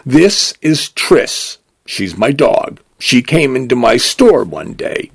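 A man voicing a cheerful, once-fussy robot grocery store that has taken in a dog, in a bright, fond manner. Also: medium pitch, big pitch swings, takes it slowly, vocal fry, husky, no room sound, exaggerated voice.

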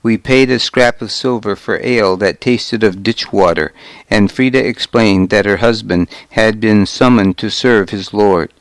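A man narrating a historical novel in the first person, with measured, steady storytelling. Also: lowish voice, smooth, dry recording. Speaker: audiobook narrator.

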